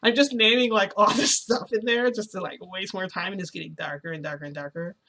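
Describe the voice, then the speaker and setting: A chatty woman vlogger recounting a story straight to her viewers. She talks casually, with lots of fillers, and her voice sits at an ordinary middle pitch. Her energy lifts as the telling goes on. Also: brisk. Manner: chatty, many fillers, gets excited. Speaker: vlogger recounting a reality shift.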